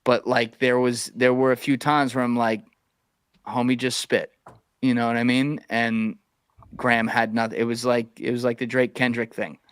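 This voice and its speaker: A man in a loose podcast chat, mid-pitched and plain-spoken, who swears freely and gets worked up as he argues. He sits close to the mic, and the sound is dry with no room echo. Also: moderate pace, clear, resonant tone. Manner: blunt, profane, animated opinions. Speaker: podcast guest. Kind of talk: casual podcast conversation.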